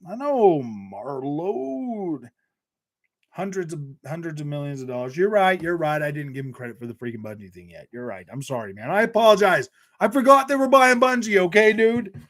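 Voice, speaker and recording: A man's voice: fairly high pitch, a little mellow. A man hosting a casual gaming live stream, reading and answering viewer comments with jokes, laughter and lots of restarts. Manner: chatty, joking, many restarts and fillers; laughs often. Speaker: gaming channel host reading live chat.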